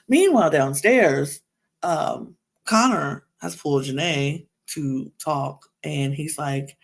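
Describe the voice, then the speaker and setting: Gravelly-voiced woman rambling through a recap. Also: sits low, slow pace. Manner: chatty, rambling with many fillers. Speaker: podcast host. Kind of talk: casual reality TV recap.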